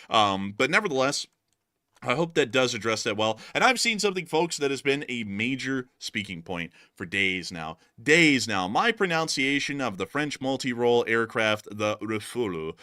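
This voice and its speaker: American guy rambling through war news on a stream, lots of uhs, bright forceful voice, dry close sound. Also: mid-range voice, no echo. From United States. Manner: talkative, many filler "uh"s, addresses viewers as folks. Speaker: war news show host. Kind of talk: live-stream news commentary.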